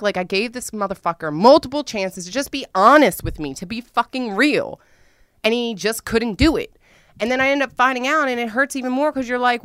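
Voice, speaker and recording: A young woman telling a dramatic, profane story in a casual vlog, with sudden loud outbursts. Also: medium pitch, brisk, smooth, no echo, clean studio sound. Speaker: vlogger.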